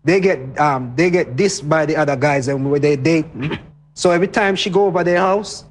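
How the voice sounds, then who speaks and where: A man's voice: a little high, normal speed. Stammering Jamaican man, defensive. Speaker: husband in a mock divorce court. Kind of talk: staged courtroom comedy sketch.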